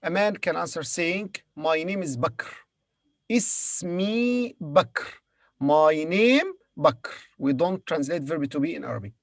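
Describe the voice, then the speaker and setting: A man's voice: a little high, lively intonation, normal speed, gravelly, hardly any pauses, dry recording, clean studio sound. A man teaching Arabic to beginners, patiently sounding out each word and repeating it for his learners. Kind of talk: beginner language lesson.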